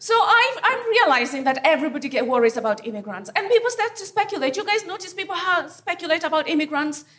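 A woman from Africa doing a live stand-up set on a theatre stage, delivering deadpan punchlines and teasing the crowd. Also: very high voice, quick pace. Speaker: stand-up comedian.

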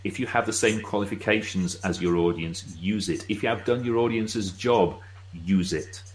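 Middle-aged British man, very low voice, brisk and wry, casual explainer. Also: rough recording. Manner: brisk and wry, with acted-out asides. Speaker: guest expert on presenting.

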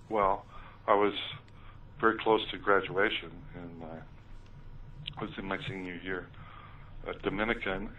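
Low-voiced man on a tinny phone line. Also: recorded from a distance. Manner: hesitant, many ums and uhs. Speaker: author recounting his experiences. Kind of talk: interview storytelling.

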